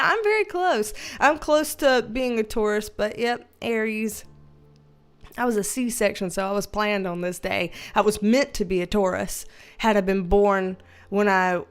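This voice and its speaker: In a dim indoor room lit by a ring light, a woman hosts a casual livestream, greeting viewers by name. She laughs often and swears casually, her mid-range voice clear with a resonant tone.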